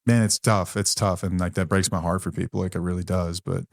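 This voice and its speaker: A man's voice: low-pitched, flat delivery, brisk, vocal fry, no room sound. A man co-hosting a podcast who talks in a candid, blunt, conversational way with some mild swearing. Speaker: podcast co-host.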